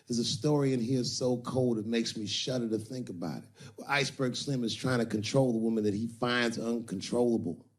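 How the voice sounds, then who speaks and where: A male stand-up comedian telling a crude story in a punchy, animated way. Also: fairly low pitch.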